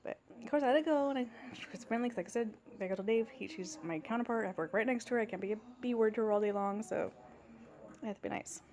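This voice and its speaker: A fast-talking woman in her thirties with a fairly high, slightly mellow voice vents about a work incident in a casual vlog. She sounds exasperated as she rants, acting out other people's lines.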